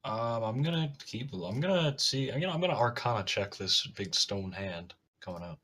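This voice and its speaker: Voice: medium pitch, animated, moderate pace, fairly bright tone, slightly rough. Joking player in a casual game chat. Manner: joking, rambling, with many restarts.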